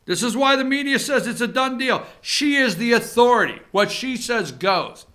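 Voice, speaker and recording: A man hosts his own opinion show from an office room, talking in a sarcastic, animated way and repeating phrases to hammer a point. His voice sits high and swoops all over, with a bright, sharp edge. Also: moderate pace. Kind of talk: animated political commentary.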